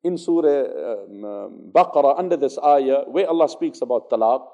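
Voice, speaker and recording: A man giving an Islamic religious lecture, telling stories, acting out dialogue and reciting Arabic verses quickly. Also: mid-range voice, expressive, creaky, dark tone. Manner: conversational, fillers, repeats phrases for emphasis.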